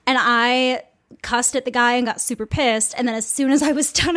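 Animated young woman podcast host. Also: on the high side, moderate pace. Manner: animated storytelling, frequent swearing. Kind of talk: casual podcast chat.

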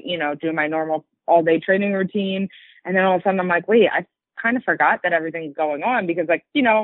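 A woman's voice: lowish voice, no echo. A woman fighter chatting casually in an interview, rambling with lots of likes and you-knows. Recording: dry, tinny phone-like line.

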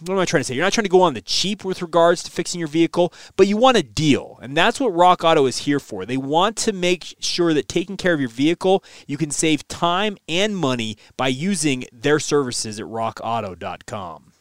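A man's voice: on the high side, expressive, fairly quick, hardly any pauses, no echo, studio quality. A man hosting a college sports podcast, chatting and reading a sponsor ad in an upbeat way. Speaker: podcast host. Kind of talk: sports podcast chat and ad read.

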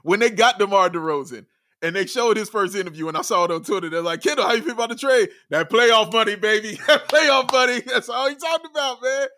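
An excitable man co-hosting a casual sports podcast, his voice high and bright. He laughs often and gets loud when something thrills him. The sound is close and dry. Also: fast, no room sound. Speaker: podcast co-host.

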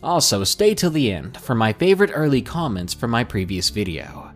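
A man narrating scary first-person stories in a dramatic, expressive podcast style. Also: medium pitch, moderate pace, faint music behind. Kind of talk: scripted horror story narration.

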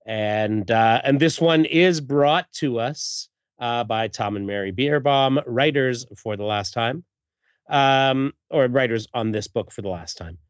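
A man's voice: medium pitch, unhurried, clear, resonant tone, dry recording. A man hosting a podcast, casually recapping a comic issue and reading the credits, with plenty of fillers. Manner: relaxed, many fillers, reads credits aloud. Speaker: podcast host. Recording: dull lo-fi dry recording.

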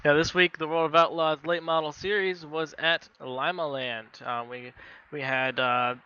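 A man's voice: a little high, steady tone, normal speed, bright, forceful tone, clean tone, lo-fi sound. A man co-hosting a podcast who runs through racing news in a casual tone, reading from notes with fillers. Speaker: podcast co-host, news reader.

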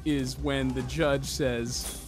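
Young male podcast host, rambling animated recap. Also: medium pitch, slow, loud music behind the voice. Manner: rambling and animated, with frequent fillers and laughter. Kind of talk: casual movie recap.

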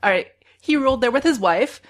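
A woman's voice: fairly high pitch, lively intonation, fairly quick. A woman reading her own pun-filled story of the gods aloud to friends and laughing at her own jokes. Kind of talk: casual chat, reading puns aloud.

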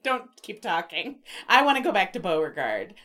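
A woman's voice: on the low side, very animated, normal speed, a bit bright. A woman co-hosting a casual podcast chat, playful and jokey, laughing easily. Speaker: podcast co-host.

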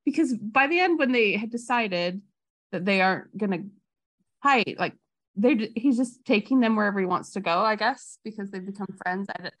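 A woman's voice: mid-range voice, lively intonation, moderate pace, a bit bright. A woman in a casual film discussion, hesitant and giggly, often searching for words. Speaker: podcast co-host.

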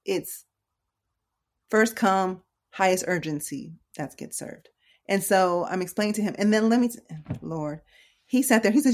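A middle-aged woman nurse telling a story in a casual, chatty way, animated and acting out the voices of the people in it. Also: mid-range voice, moderate pace. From United States. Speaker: nurse educator.

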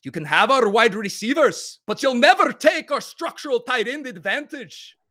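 A man's voice: extremely high pitch, expressive, moderate pace, pushed and bright, pitched above the performer's own voice, exaggerated voice. A man putting on a hammy Irish-Scottish battle cry. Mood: defiant. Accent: mock Irish-Scottish blend. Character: defiant rallying warrior, adult man, mock Irish-Scottish.

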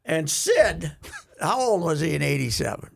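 A man's voice: very animated, a little slow. An older man, a regular on a sports talk show, telling rambling stories in casual chat and breaking into chuckles. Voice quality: gravelly, husky. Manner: rambling storyteller, chuckling, bursts into high laughs.

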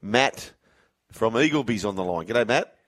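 A man hosts a casual sports radio show. He reads out listener messages and phone numbers in a fairly low voice. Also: lively intonation, a little slow, fairly bright tone. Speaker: radio host.

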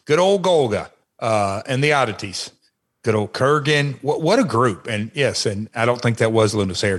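A man co-hosting a podcast, telling old stories in a rambling, halting way with many fillers and restarts. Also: fairly low pitch, slightly rough. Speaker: podcast co-host, former wrestler. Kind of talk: casual storytelling chat.

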